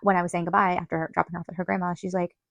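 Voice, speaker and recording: A woman's voice: on the low side, level tone, rapid-fire, vocal fry, no echo. A woman hosting a podcast, telling a personal story in a chatty way, full of "like" and quoted dialogue. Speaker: podcast host. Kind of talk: casual storytelling monologue.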